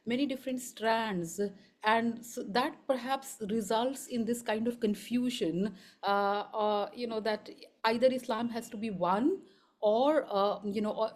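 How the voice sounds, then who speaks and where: A woman at a conference asking a long, searching question, thinking aloud and pausing often. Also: fairly high pitch, a little mellow. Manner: halting, many fillers and restarts, thinking aloud. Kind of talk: spontaneous academic question.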